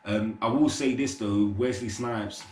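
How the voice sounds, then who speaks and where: Slangy man, lowish voice, roomy echo. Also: fairly even intonation, measured pace, darkish tone. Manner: rambling, filler-heavy slangy chat. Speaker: movie reviewer. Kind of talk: casual spoken review.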